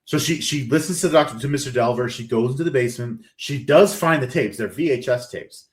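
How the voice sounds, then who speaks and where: A man hosting a podcast, recapping a horror story in a casual, animated way and briefly acting out the lines of its characters. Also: medium pitch, fairly quick. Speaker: podcast host.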